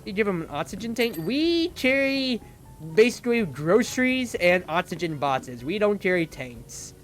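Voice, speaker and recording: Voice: mid-range voice, big pitch swings, normal speed, faint music behind. A young adult streamer telling a long, rambling story in casual stream chat, leaning heavily on "like" as a filler. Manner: rambling storytelling, heavy use of "like".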